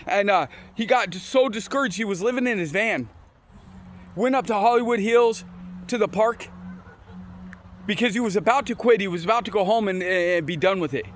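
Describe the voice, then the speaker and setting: Rambling high-voiced man telling stories. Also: normal speed, slight background noise. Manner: rambling, repeats words and restarts often; mixes in scripture quotes. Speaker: motivational storyteller. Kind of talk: casual motivational storytelling.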